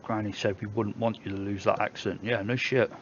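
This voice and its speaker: A man's voice: lowish voice, flat delivery, a little fast, dull audio, slight background noise. A man with a Somerset English accent, hosting a casual live stream where he reads viewer comments aloud and jokes back at them. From England.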